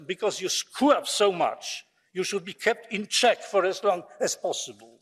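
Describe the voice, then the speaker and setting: A man's voice: high-pitched, expressive, moderate pace, a bit bright, husky, some chatter behind. Sarcastic man orating in a hall. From Poland. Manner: sarcastic, combative oratory. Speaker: member of parliament. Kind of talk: formal parliamentary speech. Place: large parliament chamber. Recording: long reverb of a large hall.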